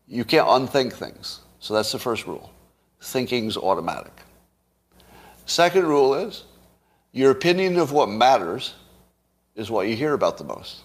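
Middle-aged man, solo commentary, sarcastic, rhetorical questions, mid-pitched voice. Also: husky. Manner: sarcastic, asks the audience rhetorical questions, laughs at his own points. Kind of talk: solo political commentary to camera.

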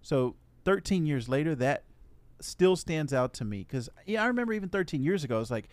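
A man co-hosting a casual podcast, talking through a movie and acting out characters' lines in quick asides. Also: on the high side, lively intonation, no room sound. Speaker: podcast co-host. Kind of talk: casual movie review chat.

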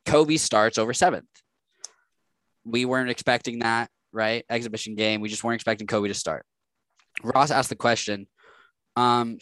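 A man's voice: mid-range voice, moderate pace, pauses often, dry recording. A man co-hosting a sports podcast, telling stories with energy and laughing often. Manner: animated storyteller, laughs often. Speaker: sports reporter co-host. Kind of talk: casual sports chat.

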